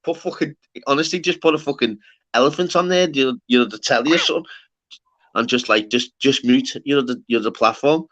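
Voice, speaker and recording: Man, livestream host, sweary rambling chat, bright forceful voice. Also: mid-range voice, brisk, highs cut off. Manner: rambling, sweary, calls everyone lad. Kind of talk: casual live-stream chat.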